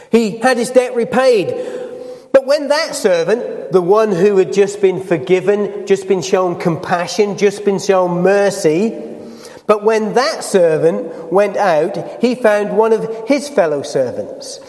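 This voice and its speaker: A man's voice: sits high, lively intonation, takes it slowly, darkish tone, long reverb tail. A man preaching a sermon, reading scripture and putting earnest questions to the congregation.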